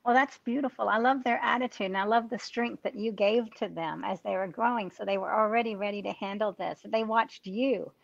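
A woman's voice: medium pitch, fairly quick, vocal fry, few pauses, dry recording. A woman hosting a live show, affirming her guest and reading viewer comments aloud, on a dull, dry recording. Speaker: host.

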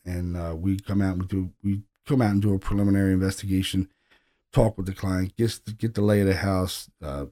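A man's voice: fairly low pitch, dark tone. A middle-aged man casually recounting a paranormal investigation in a rambling, laid-back way, with the odd profane aside. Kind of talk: casual storytelling monologue.

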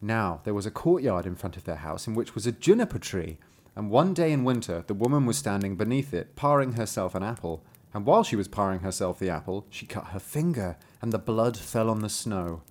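A man's voice: lowish voice, expressive, fairly quick, hardly any pauses. A man hosting a podcast, reading a fairy tale aloud with dry, wry asides. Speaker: podcast host.

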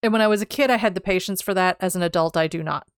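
A woman's voice: on the low side, rapid-fire, clear, resonant tone, no echo, clean studio sound. A woman co-hosting a podcast, chatting casually about writing, laughing often as she goes over text. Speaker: podcast co-host.

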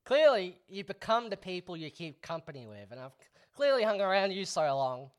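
A man's voice: sits high, very animated, fairly quick, clean tone. A man with an Australian accent, co-hosting a casual podcast chat in a dry, self-deprecating way. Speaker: podcast co-host.

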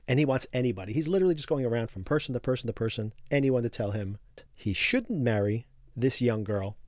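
A man's voice: mid-range voice, darkish tone, dry recording, clean studio sound. A man hosting a podcast, giving an opinionated recap of a TV episode in a casual, chatty way with frequent chuckles. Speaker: podcast host.

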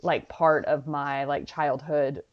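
A woman's voice: deep voice, steady tone, slow pace, muffled recording. A woman from Dallas, co-hosting a podcast in casual chat, telling stories with lots of fillers. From Dallas, Texas. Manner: chatty, filler-heavy storytelling. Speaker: podcast co-host.

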